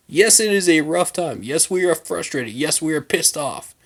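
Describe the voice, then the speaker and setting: A man's voice: on the high side, big pitch swings, moderate pace, few pauses. A man hosting a fan channel, giving a heated, emphatic rant full of slang to his viewers. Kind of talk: casual fan rant to camera.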